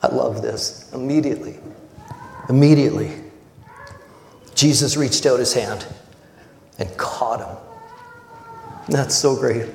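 A man preaching a sermon as pastor, earnest and conversational, acting out scenes with animated retellings. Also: medium pitch, slow, creaky, long pauses, slight background noise. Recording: echoey hall with long reverb.

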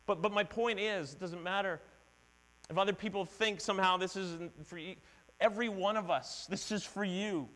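A man's voice: sits high, normal speed, a bit bright. A middle-aged male pastor preaching a conversational, earnest sermon in a church. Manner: conversational, earnest, acts out quoted voices. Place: church sanctuary. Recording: long hall reverb with mains hum.

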